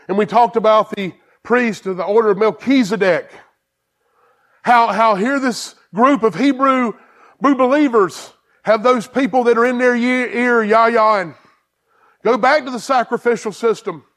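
Male pastor, high voice, excited emphatic preaching, repeats himself. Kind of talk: sermon.

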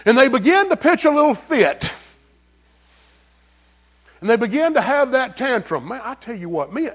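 A man preaching a sermon as pastor, folksy and animated, asking the congregation questions. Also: very high-pitched, moderate pace.

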